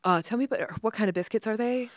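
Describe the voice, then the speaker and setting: A woman's voice: fairly high pitch, quick pace, dry recording, studio quality. A woman hosting a podcast interview, asking curious questions and laughing along with her guest. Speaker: podcast host. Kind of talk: casual interview chat.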